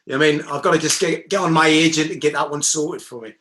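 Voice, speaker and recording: A man co-presenting in a relaxed, jokey way, a little halting as he reads out questions from viewers. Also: fairly high pitch. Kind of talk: casual chat. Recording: roomy echo.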